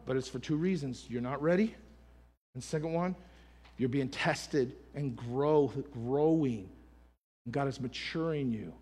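A man preaching a sermon as pastor, fervent, building up loud and calling out to his church. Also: medium pitch. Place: church sanctuary. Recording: long hall reverb.

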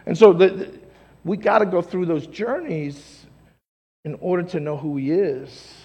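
A man pastor preaching a sermon in a church, energetic and humorous, swinging between loud exclamations and hushed lines. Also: high-pitched, slightly rough, muffled recording. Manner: humorous, acts out quick voices. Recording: long hall reverb in a church.

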